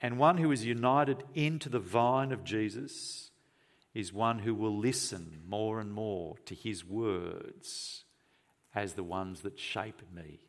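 A man delivers a sermon in an earnest, emphatic way, posing rhetorical questions and shifting between forceful emphasis and hushed, quiet lines. His voice sits on the low side and he speaks slowly.

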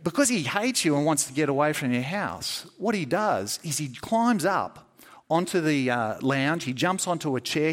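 A man preaching a sermon to a congregation with children, telling stories with lively, acted-out scenes. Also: a little high. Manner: animated storytelling, acts out scenes with shouts and mock laughs.

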